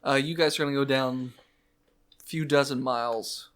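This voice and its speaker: A man's voice: medium pitch, fairly even intonation, moderate pace, fairly bright tone, clean tone. A man running a tabletop game as game master, narrating in a laid-back way and often laughing.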